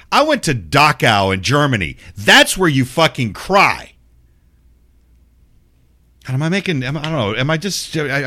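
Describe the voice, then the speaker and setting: A middle-aged host rants in an exasperated, profanity-laced monologue, full of sarcasm. His pitch rises and falls a lot as he talks. The recording is close and dry. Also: pushed and bright, dry recording. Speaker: show host. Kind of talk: ranting monologue.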